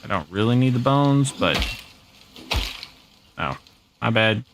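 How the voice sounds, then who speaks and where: A man's voice: mid-range voice, expressive, slow, background noise. A man streaming a survival game, casually thinking aloud and shrugging off setbacks as he plays. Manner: laid-back, thinking aloud, shrugging things off. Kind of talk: casual live gameplay commentary.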